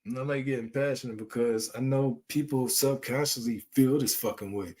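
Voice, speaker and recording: A man hosting his channel launches into an impassioned, preachy monologue full of profanity and emphatic outbursts. His voice is medium-pitched and a little mellow, at a normal speed.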